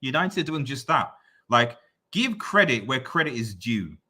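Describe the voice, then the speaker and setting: A man's voice: mid-range voice, normal speed. A man live-streaming, reading out viewer comments and answering them in a teasing, repetitive running rant. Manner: repeats phrases, teasing, excitable rants. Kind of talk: casual live-stream chat.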